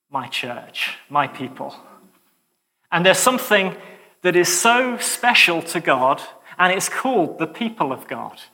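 A man preaching a sermon in a lively, conversational way, with joking asides to the congregation. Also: high voice, big-room sound.

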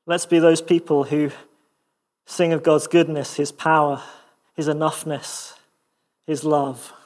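A middle-aged man preaching a sermon, animated with frequent stumbling restarts, then praying softly to close. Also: fairly high pitch, takes it slowly. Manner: animated, stumbling restarts, dropping to a hushed prayer.

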